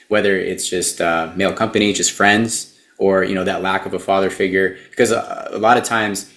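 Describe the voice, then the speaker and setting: A man, a therapist and dating coach, who speaks as an interview guest in a measured way and explains things step by step. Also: low voice, steady tone, fairly bright tone, roomy sound.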